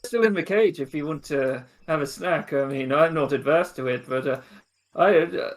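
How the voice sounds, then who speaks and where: A man's voice: fairly high pitch, normal speed. A man playing a tabletop game, chatting casually and joking, hesitant with uhs. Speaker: player.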